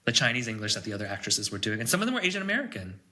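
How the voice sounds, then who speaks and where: A man's voice: lowish voice, sing-song, very fast, pushed and bright. A man co-hosting a casual podcast, ranting about pet peeves and swearing freely. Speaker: podcast co-host.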